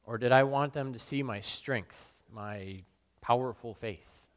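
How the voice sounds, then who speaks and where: A man playing Peter, a remorseful, brash fisherman and apostle, in a slow, brooding first-person monologue with sudden loud outbursts. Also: medium pitch, lightly acted. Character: remorseful middle-aged fisherman apostle, brash, guilt-torn. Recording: long hall reverb.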